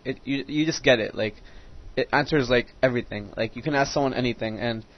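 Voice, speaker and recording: A teenage boy talks over his own strategy match, swearing freely and wandering off on side stories before snapping back to the game. His voice sits at an ordinary middle pitch. The recording sounds dull and lo-fi. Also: fairly quick. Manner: rambling, profane, easily sidetracked. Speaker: game commentator. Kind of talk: casual gameplay commentary.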